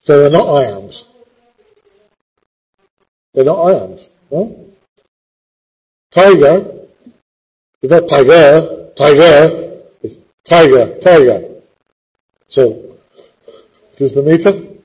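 A man's voice: on the high side, lively intonation, takes it slowly, long pauses, a little mellow, breathy edge, lo-fi sound. A man teaching a poetry class, quizzing the students with a teasing, theatrical, impatient manner.

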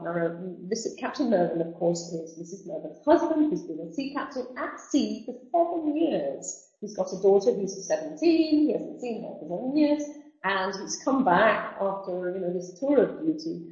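Mellow-voiced woman teaching literature. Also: fairly low pitch. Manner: explanatory, with asides and restarts. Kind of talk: explaining a novel in a lesson. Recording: dull roomy sound.

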